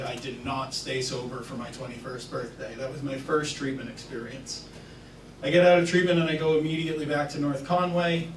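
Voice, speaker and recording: A man's voice: a little high, a little hiss or hum. Guy in his 30s from new hampshire, earnest recovery talk, nervous laughs, echoey room. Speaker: recovery worker speaking at an event. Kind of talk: personal public speech. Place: event hall. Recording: roomy hall, distant mic.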